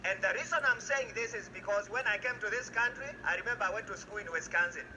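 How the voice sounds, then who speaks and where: A man's voice: high voice, fast talker, noisy background. A man from Kenya, a storyteller and professor, giving a playful live talk on stage with audience call-and-response.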